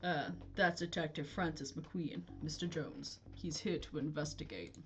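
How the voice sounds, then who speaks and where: A woman's voice: low voice, steady tone, measured pace, pitched below the performer's own voice. A woman voicing a jumpy, wry male police officer from a click-through detective game, in a plain read-aloud voice.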